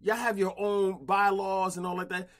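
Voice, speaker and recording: A man hosting a casual podcast interview, slangy and animated, often repeating himself. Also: high-pitched, moderate pace. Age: older. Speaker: podcast host.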